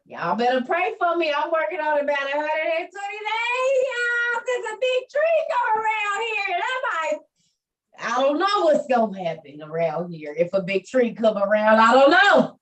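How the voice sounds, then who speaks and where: A woman's voice: high-pitched, very animated, moderate pace, a bit bright, far from the mic, poor audio. A woman hosting an online meeting, chatting casually with listeners and encouraging them about faith. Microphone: video call.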